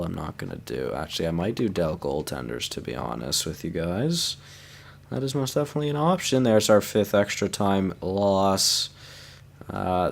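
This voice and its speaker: A young man casually commenting on his hockey video game franchise, tired and yawning, chatting to his viewers. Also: low voice. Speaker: gaming YouTuber.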